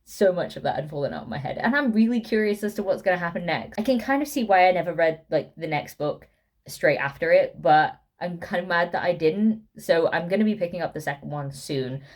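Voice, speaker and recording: A tired young woman losing her voice, chatting in a rambling, excitable way while lying in bed. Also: lowish voice, brisk. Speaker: book vlogger. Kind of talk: casual chatty vlog.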